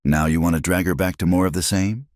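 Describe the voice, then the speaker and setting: A man voicing a calm, sharp-tongued frontier woman who asks pointed questions. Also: deep voice, quick pace, dry recording, clean studio sound, close to an everyday voice.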